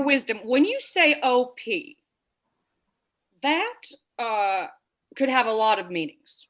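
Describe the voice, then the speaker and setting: A woman's voice: medium pitch, fairly bright tone. A woman improvising a rambling, hesitant school board head in a comedy scene over a video call. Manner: rambling, hesitant, full of fillers.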